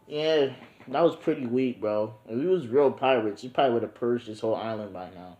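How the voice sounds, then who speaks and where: A man's voice: mid-range voice, a little fast, dark tone, dull audio, natural voice. A man voicing a blunt young female pirate navigator in a slangy, teasing, offhand way, with roomy echo.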